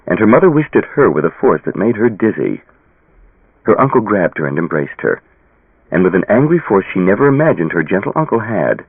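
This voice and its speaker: Expressive male audiobook narrator, phone-thin. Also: lowish voice, fairly quick, creaky, husky, dry recording, narrow, tinny audio. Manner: dramatic, expressive reading. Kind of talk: scripted narration.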